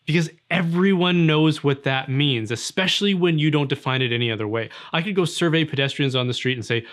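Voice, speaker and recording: A man's voice: a little high, a little fast, few pauses, a bit bright. Earnest man arguing a point. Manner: earnest, argumentative, with acted asides. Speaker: religious commentator. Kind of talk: opinion monologue.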